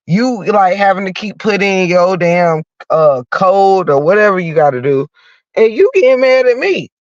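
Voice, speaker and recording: A podcast host speaks at normal speed in a high, lively voice while congested with a cold. He bluntly rants and curses his way through a heated story in a profane comic style, captured in dull, dry lo-fi sound.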